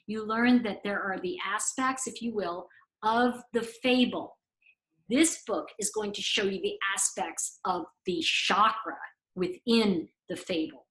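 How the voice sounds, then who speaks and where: A woman with a somewhat high voice leads a relaxed spiritual lesson. She talks conversationally and slips into quick acted-out bits of dialogue with emphatic swings in her delivery. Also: low-quality recording. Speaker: spiritual teacher and oracle card author. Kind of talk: casual teaching talk.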